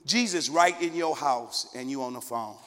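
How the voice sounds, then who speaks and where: A man's voice: mid-range voice, moderate pace, fairly bright tone, long reverb tail. A man preaching a sermon to his congregation in a church, fervent and conversational with call-and-response. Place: church sanctuary.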